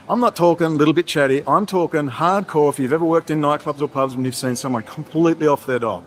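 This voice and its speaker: A man's voice: on the high side, quick pace, few pauses, slight background noise. A man giving a heated, sarcastic livestream monologue while out in a city, jumping from topic to topic. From Australia. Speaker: livestream host. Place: outdoors in a city, walking.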